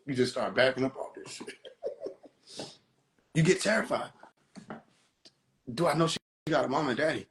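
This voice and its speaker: A man's voice: mid-range voice, moderate pace, long pauses, slight background noise. A man hosting a phone livestream, mocking people in a profane comedic rant. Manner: animated, mocking, swears constantly. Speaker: livestream host.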